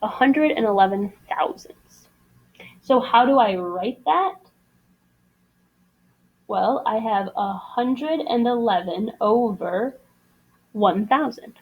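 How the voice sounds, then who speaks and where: Slow patient woman math teacher. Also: on the high side, muffled recording. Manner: slow, patient, explaining step by step. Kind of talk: recorded classroom lesson.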